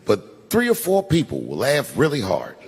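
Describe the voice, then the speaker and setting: A man in his forties doing a stand-up comedy set, telling stories and dropping his voice low for quoted lines. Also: wildly swooping pitch, moderate pace, noisy background. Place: large live venue. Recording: echoey large venue with loud ambience.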